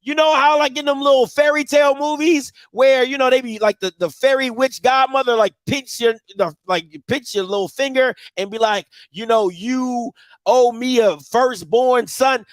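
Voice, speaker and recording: A man, hosting a live show and telling a story in casual chat, animated and swinging from loud outbursts to low murmurs. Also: no echo. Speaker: podcast host.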